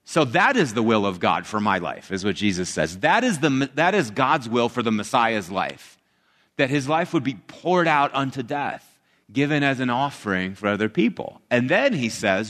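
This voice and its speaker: A man preaching a sermon in a relaxed, conversational way, retelling scripture in his own animated words. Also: mid-range voice, normal speed. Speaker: pastor. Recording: hall reverb.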